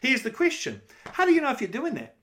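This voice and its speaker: A man's voice: very high voice, huge pitch swings, quick pace, fairly bright tone. A middle-aged man, a pastor preaching a conversational, emphatic sermon with rhetorical questions.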